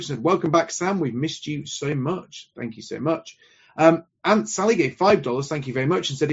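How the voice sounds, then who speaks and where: A man's voice: medium pitch, slightly rough. A man hosting a show, politely reading out viewer donations and messages. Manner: polite, courteous. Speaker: host. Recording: muffled lo-fi audio.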